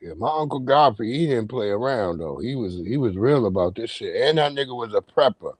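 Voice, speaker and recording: A man's voice: medium pitch, animated, slightly rough, dry recording. Man telling profane stories, dry sound. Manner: profane, rambling, drawn-out storytelling. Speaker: livestream host. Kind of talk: casual storytelling monologue.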